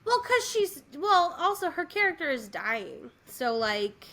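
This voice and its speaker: A woman's voice: sits high, very animated, a little slow, sharp tone. A woman co-hosting a podcast, chatting casually and enthusiastically with many fillers and restarts. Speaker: podcast co-host. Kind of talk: casual chat.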